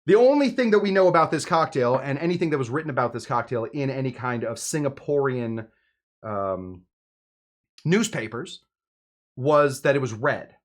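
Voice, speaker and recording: A man makes drinks at home and talks the whole time, loose and joking. He rambles, stacks up fillers and restarts, and his pitch sits in an ordinary middle range. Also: animated, moderate pace. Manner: rambling, jokey, chatty, with many fillers. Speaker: home bartender host. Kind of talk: casual cocktail-making video with live chat.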